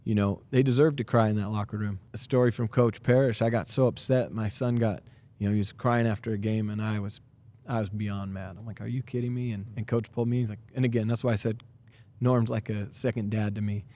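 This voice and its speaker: A man in his thirties, a high school basketball coach, talking in a podcast interview in an earnest, energetic way with many fillers and restarts. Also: fairly quick.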